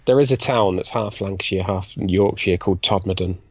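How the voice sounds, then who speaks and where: Low-voiced easygoing British co-host. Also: male voice, fairly quick, dry recording, lo-fi sound. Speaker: podcast co-host. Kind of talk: casual chat.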